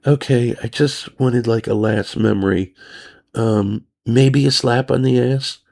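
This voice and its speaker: A man's voice: medium pitch, steady tone, unhurried, creaky, a little mellow. A man hosting a podcast, telling a crude story in a rambling, blunt way and acting out both sides of it. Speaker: podcast host.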